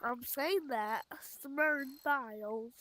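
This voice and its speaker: A woman's voice: on the high side, takes it slowly, sharp tone. A woman chatting playfully while playing a fishing game, drawing out her words and giggling. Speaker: fellow player. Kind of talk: casual gaming voice chat. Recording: noisy voice chat line.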